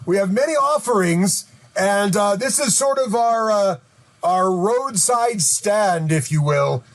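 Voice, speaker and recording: A man voicing a male hobgoblin trader who speaks in a rough, slow and deliberate, pompous salesman's manner in a tabletop game. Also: sits high, expressive, exaggerated voice.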